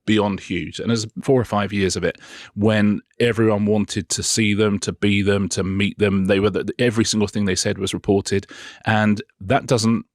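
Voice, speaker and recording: A man speaks with measured emphasis in a lowish voice. The recording is close and dry. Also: level tone, dry recording. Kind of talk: interview commentary.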